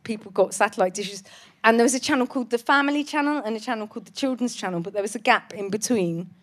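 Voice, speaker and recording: A woman in her forties from England, talking as a podcast guest in a lively, chatty way and laughing often. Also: fairly high pitch, fast. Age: 40s. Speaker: guest, TV presenter and author. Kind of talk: casual chat.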